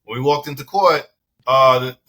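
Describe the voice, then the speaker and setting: A man's voice: mid-range voice, normal speed, sharp tone. A man from the Bronx, a business owner telling a story in a casual interview, acting out both sides of the exchanges and swearing freely. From the Bronx, New York. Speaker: dispensary owner, podcast guest.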